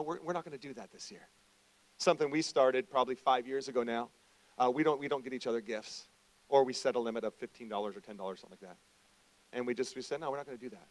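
A pastor preaching a conversational sermon, dropping into quiet reflection and rising into loud, emphatic preaching. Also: male voice, mid-range voice, low-quality recording.

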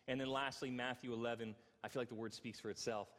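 A man's voice: mid-range voice, fairly even intonation, quick pace, few pauses, fairly bright tone. A male pastor giving an earnest, self-deprecating sermon, often stumbling over repeated words. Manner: earnest, self-deprecating, frequent stammered restarts. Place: church hall. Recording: reverberant church hall.

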